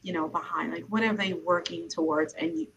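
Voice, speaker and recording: A woman's voice: fairly low pitch, brisk, noisy background. A woman from Brooklyn, New York, hosting a casual interview, talking in a chatty way with lots of "you know" and repeated words.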